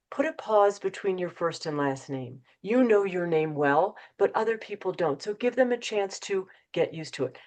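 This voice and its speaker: A middle-aged woman giving a motivational webinar talk, acting out quoted dialogue with lively shifts in her voice. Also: lowish voice. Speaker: keynote speaker.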